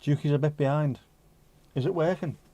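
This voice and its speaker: A man's voice: a little high, normal speed, mellow. A man hosting a casual pub-style livestream, chatting and joking with mild swearing and reading news bits aloud. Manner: reads news excerpts aloud conversationally. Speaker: livestream host.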